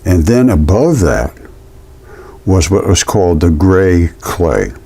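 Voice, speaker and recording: Low, slow, creaky and husky, this man's voice carries an indignant story as he displays specimens in a casual vlog about fossils he collects as an amateur. He's animated and repeats himself throughout.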